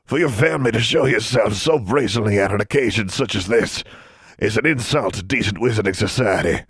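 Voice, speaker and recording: A man's voice: on the low side, fairly quick, a bit bright, breathy edge, dry recording, voice pushed up. A man voicing a hateful, very old male wizard who speaks in a dry, conversational tone. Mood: contemptuous.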